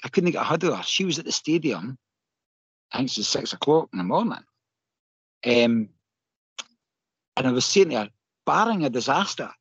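A Scottish man, a podcast guest, telling a story in an animated, emotional way and laughing often. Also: mid-range voice, moderate pace, pauses often, breathy edge, no echo, dull audio. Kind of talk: casual storytelling.

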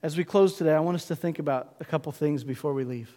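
A middle-aged male pastor preaching a sermon in a church, emphatic, with dramatic pauses and call-and-response. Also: a little high, warm tone, big-room sound. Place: church sanctuary.

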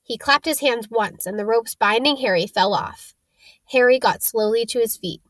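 A woman's voice: on the high side, normal speed, fairly bright tone, dry recording. Woman narrating a storybook, dry and close. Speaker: audiobook narrator. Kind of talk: scripted narration.

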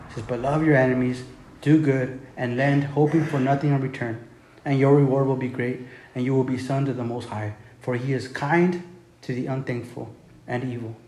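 Male preacher, casual sermon delivery, mellow tone, echoey room. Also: medium pitch, steady tone, moderate pace. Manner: conversational preaching, frequent "man" and "right?". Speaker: pastor. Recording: roomy echo with faint ambience.

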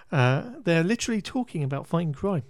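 A man's voice: fairly high pitch, dry recording, studio quality. A man co-hosting a podcast, chatting casually through a film recap with frequent restarts and laughter. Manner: rambling, self-correcting, laughs often. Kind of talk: casual chat.

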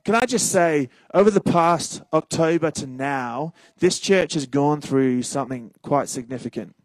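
Animated pastor preaching. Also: male voice, a little high, a little slow, no room sound, poor audio. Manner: animated preaching with repeated phrases and jokes to the congregation. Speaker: senior pastor. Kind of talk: sermon.

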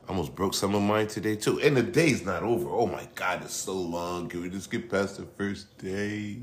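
A man's voice: sits low, normal speed, a little hiss or hum. A middle-aged man hosting his own podcast, talking in a loose, rambling, profane way, restarting his sentences and going off on asides. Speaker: podcast host. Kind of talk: casual solo monologue.

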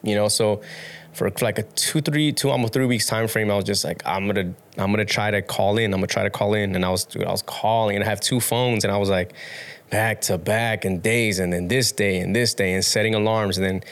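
A low-pitched young man talking in a loose, rambling way as a podcast guest. He restarts his sentences often, swears casually and laughs along as he goes. It sounds like relaxed interview chat. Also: fairly quick.

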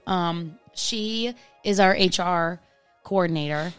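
A woman co-hosting a podcast in casual chat, telling stories in a chatty, animated way. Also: on the low side, slow pace, clean tone, soft background music. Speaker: podcast co-host.

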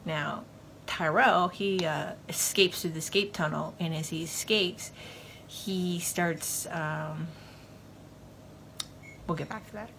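A woman's voice: on the low side, fairly even intonation, slow, vocal fry, long pauses, fairly bright tone, a little hiss or hum. A woman hosting a podcast, giving a loose, casual recap of a TV episode with lots of fillers. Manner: rambling, loose, full of fillers like "you know". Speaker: podcast host.

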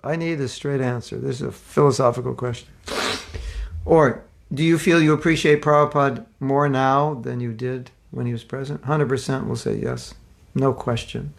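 An American man gives a loose, conversational spiritual talk in a gravelly, slightly creaky voice. He repeats himself, restarts his sentences and wanders into side remarks. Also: mid-range voice, steady tone, normal speed. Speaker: spiritual teacher.

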